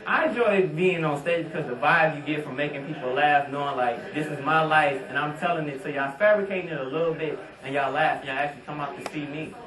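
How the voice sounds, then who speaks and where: A man's voice: fairly high pitch, brisk, hardly any pauses. A man and stand-up comedian talking easygoingly and reflectively in an interview about performing. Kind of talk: backstage interview. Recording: roomy sound, distant mic, crowd noise.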